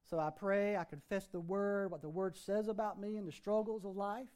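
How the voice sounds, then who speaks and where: A man's voice: sits high, fairly even intonation, normal speed, a little mellow. A man preaching a sermon as pastor in a church, reciting scripture and urging his congregation with rising emphasis.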